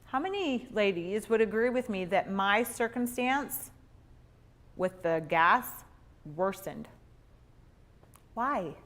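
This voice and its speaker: A woman's voice: mid-range voice, expressive, slow pace, pauses often, fairly bright tone. A woman in her thirties teaching a women's church class, telling a personal story and acting out the quoted lines.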